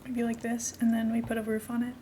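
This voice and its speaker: Woman streamer, chatty and giggly, a touch high, with light background noise. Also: monotone, quick pace, warm tone. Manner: chatty, giggly, talks to herself while building. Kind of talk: casual game-stream chat.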